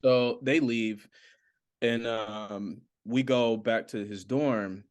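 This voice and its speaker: A man's voice: medium pitch, fairly even intonation, slow, smooth. A comedian guest telling a story in casual podcast chat, acting out his friends' lines with swearing and laughter.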